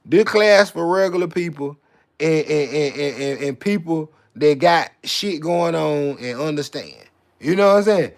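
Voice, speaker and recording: A man's voice: a little high, animated, moderate pace, vocal fry. A man vlogging in a profane, mocking rant to camera, repeating himself and stumbling over words with swagger. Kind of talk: profane ranting monologue to camera.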